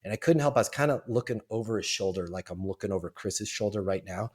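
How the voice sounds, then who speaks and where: A man telling a story as a podcast guest, in a lively, animated way and acting out what people said. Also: fairly low pitch, quick pace, breathy edge. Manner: animated, lively storyteller who acts out quotes. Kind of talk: storytelling in a casual interview.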